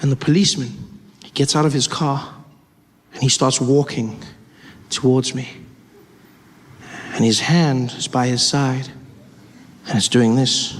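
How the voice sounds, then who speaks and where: A man's voice: medium pitch, fairly even intonation, measured pace, pauses often. A man doing stand-up storytelling, acting out characters with shifting voices. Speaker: stand-up comedian. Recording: live hall, reverb and noise.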